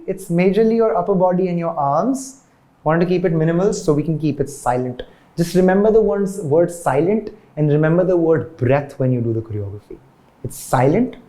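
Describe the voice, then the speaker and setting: A man's voice: on the high side, mellow. Chatty male dance teacher. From India. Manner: chatty, checks in with "yeah?" and "got it?". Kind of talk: dance tutorial instruction.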